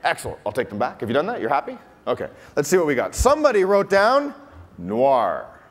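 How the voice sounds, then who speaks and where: A man's voice: high voice, wildly swooping pitch, fast talker. A man with a Canadian accent performing a comedy magic act on stage, teasing the audience with playful crowd work. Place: large hotel conference hall. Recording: live hall with long reverb, faint room noise.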